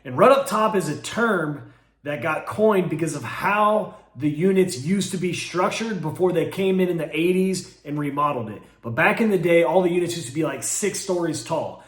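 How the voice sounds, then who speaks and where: A man casually telling a first-person story in an animated way, acting out what people said and swearing freely. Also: fairly high pitch, moderate pace. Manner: animated, acts out quoted speech, swearing, fillers like "like". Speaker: host telling his own story. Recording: roomy echo.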